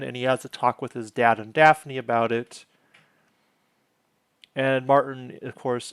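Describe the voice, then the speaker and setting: A man's voice: mid-range voice, smooth, no room sound. A man hosting his own channel, casually recapping a sitcom episode, wandering off on tangents and correcting himself as he goes.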